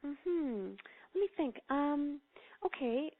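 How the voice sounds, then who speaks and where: A woman with a fairly high voice speaks over a thin, phone-like line. She tells a story and guides a meditation in an earnest, gently instructive way. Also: lively intonation, slow. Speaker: guest.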